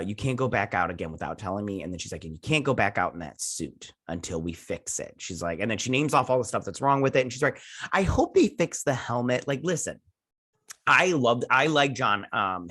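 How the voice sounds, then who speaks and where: A man hosting a casual episode review, rambling through the plot with lots of fillers and quoted "he's like" lines. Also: lowish voice. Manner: voices characters' lines in a flat retelling tone.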